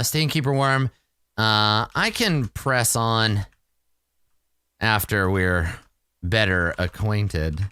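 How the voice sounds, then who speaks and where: A man narrating his solo tabletop game in a relaxed, rambling and self-amused way. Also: lowish voice, clear, resonant tone, dry recording, clean studio sound.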